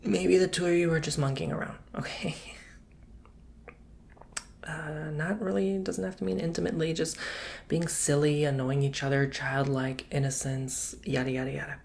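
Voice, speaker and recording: A man giving a soft-spoken ASMR tarot and coffee cup reading, chatty and rambling, with casual slang and whispered asides. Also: fairly high pitch, level tone, moderate pace, creaky, a little hiss or hum.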